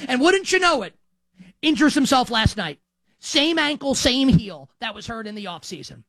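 Man, sports talk host, opinionated monologue, lively pitch, dry close sound. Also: no room sound. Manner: animated, heavy use of "like".

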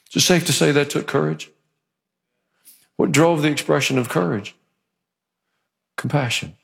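A man's voice: fairly high pitch, normal speed, vocal fry, pauses often. A male pastor preaching a sermon in church, in a conversational, joking manner. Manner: conversational and joking, acts out quotes.

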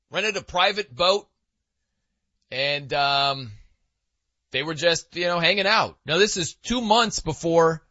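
A man's voice: sits high, bright, forceful tone, no room sound, muffled recording. A man hosting a sports talk show, chatty and joking with many fillers.

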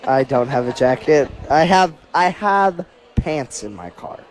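A man's voice: fairly high pitch, animated, unhurried. A young man co-hosting a sports show, chatting casually and stumbling over repeated words. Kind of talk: casual on-air banter.

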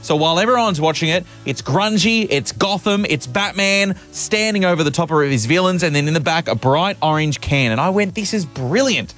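A man's voice: on the high side, animated, fairly quick, hardly any pauses, a bit bright, faint music behind. A male radio host chatting playfully to drive-time listeners. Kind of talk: casual radio chat.

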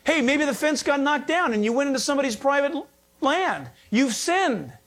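A middle-aged male pastor delivers a sermon in a high, ringing voice. He preaches with animated conviction, firing rhetorical questions at his congregation and breaking into jokes. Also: moderate pace.

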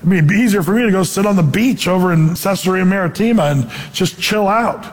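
A man preaching a sermon as pastor, animated and acting out the voices he quotes. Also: high voice, fast, long reverb tail.

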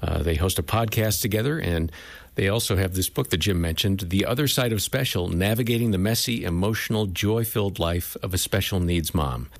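A man introducing the guests in a steady, measured way. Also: low voice, creaky, no room sound. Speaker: announcer.

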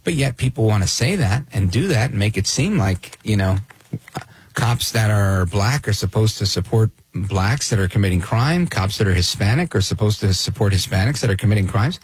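A man's voice: fairly low pitch, expressive, normal speed, husky, no echo. A man hosting a talk radio show, delivering an opinionated, sardonic monologue and reacting to clips he plays.

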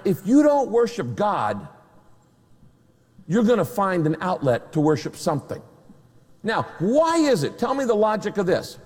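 Animated high-pitched male pastor preaching. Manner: emphatic, rhetorical questions, wry humor. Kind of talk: sermon. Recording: long reverb of a large hall.

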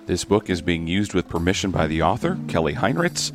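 A man reading a children's story aloud in a slow, gentle storyteller's manner. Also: sits low, big pitch swings, music in the background.

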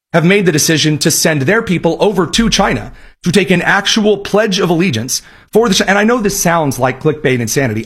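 A man's voice: on the high side, fairly bright tone, slightly rough. A man hosting a political talk radio show, giving sarcastic, emphatic commentary, his voice a bit worn tonight.

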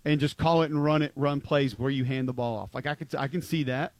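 A man's voice: mid-range voice, fairly even intonation, a little fast, hardly any pauses, no echo. A man co-hosting a football talk show, chatting casually and emphatically with lots of filler words. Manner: rambling, frequent "like" fillers, emphatic. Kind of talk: casual sports chat.

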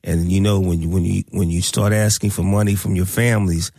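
A man's voice: low voice, flat delivery, a little fast, vocal fry, darkish tone, no echo, studio quality. A man hosting a radio talk show, speaking in a preachy, emphatic way and repeating his points.

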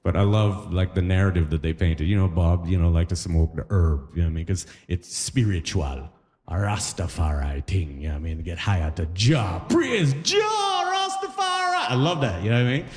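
A man's voice: low-pitched, a little fast, warm tone, long reverb tail. A man doing a stand-up comedy set on a live stage, talking in a loose conversational way and slipping into acted-out voices.

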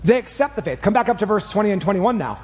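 A man preaching a sermon in a church, earnest and emphatic, speeding up and slowing down as he drives each point home. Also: sits high, sing-song, darkish tone, long reverb tail. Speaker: pastor. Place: church sanctuary. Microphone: clip mic.

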